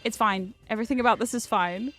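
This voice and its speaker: A woman's voice: fast, music in the background. Chatty, self-mocking woman streamer. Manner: animated, jumps between loud outbursts and low asides. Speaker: streamer playing a video game. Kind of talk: casual chat while gaming.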